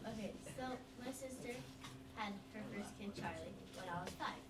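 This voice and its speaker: A woman's voice: medium pitch, normal speed. A young woman, a student in a classroom, chatting casually with her teacher, recorded from a distant camera. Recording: echoey room from far off, background noise.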